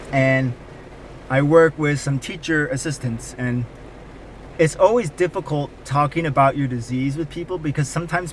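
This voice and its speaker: A man's voice: on the high side, noisy background. A man talking candidly to camera in a casual personal vlog, rambling with frequent fillers and restarts. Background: faint rain.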